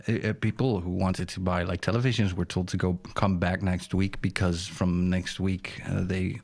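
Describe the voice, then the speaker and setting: A man with a somewhat low voice co-hosting a relaxed podcast. He gropes for words with frequent uhs and drops dry, wry remarks. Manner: hesitant, lots of uhs, wry comments. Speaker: podcast co-host. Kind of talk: casual chat.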